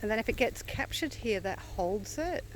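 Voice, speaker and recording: A woman's voice: on the high side, expressive, moderate pace, rough recording. An Australian woman co-hosting a walking vlog, chatting and explaining local history in a matter-of-fact way outdoors. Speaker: vlog co-host and walk guide. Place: outdoors on a creekside park trail. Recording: outdoor recording with clear background noise.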